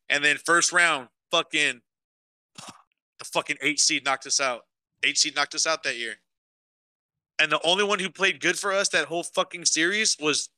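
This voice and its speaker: A man's voice: fairly high pitch, sharp tone, dry recording. A young man co-hosting a casual podcast, swearing a lot and ranting emotionally about sports to his live chat. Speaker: podcast co-host.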